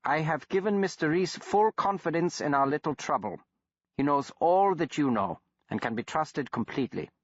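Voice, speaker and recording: Old gentleman scholar of monster lore, formal and grave; a male reader doing the voice, muffled dry audiobook sound. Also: on the high side, animated, normal speed, no echo, pitched above the performer's own voice. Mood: hearty. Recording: dull, dry studio recording.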